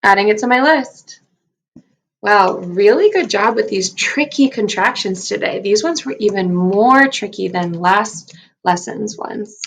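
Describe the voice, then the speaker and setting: A woman first grade teacher giving a recorded phonics lesson, speaking slowly and clearly in an upbeat, encouraging way while sounding out letters and syllables. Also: mid-range voice, expressive.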